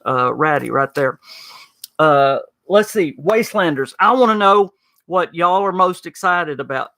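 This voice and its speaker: Chatty Southern man, bright dry voice. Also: fairly high pitch, expressive, unhurried, dry recording. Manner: chatty, folksy, frequent "uh" and "y'all". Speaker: podcast host. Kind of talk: casual podcast chat reading live chat.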